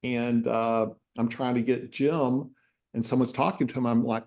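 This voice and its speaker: A man hosting an interview over a video call, speaking in a relaxed, conversational way. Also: mid-range voice, normal speed. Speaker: host, interviewer. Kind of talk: casual interview.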